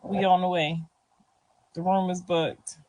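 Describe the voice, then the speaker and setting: A middle-aged woman with a fairly low, flat voice speaks a little slowly against very noisy surroundings. She's answering questions in a casual street interview, talking loose and slangy, often checking in with "you feel me" and letting out soft laughs.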